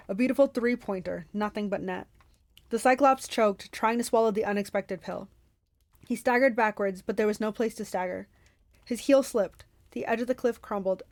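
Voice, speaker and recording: A woman hosting a book club, reading a novel aloud expressively with quick self-corrections. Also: mid-range voice, darkish tone, no echo.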